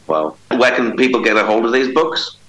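Bright-toned male interviewer, roomy echo. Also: mid-range voice, expressive, normal speed. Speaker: interview host. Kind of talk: interview questions.

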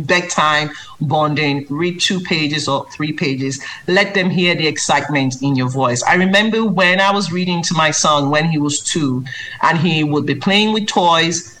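A woman speaking as a children's book author in an interview. She talks earnestly and with emphasis. She turns lively when she mimics reading aloud to a child. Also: sits low, a little slow, rough recording. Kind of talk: interview answers.

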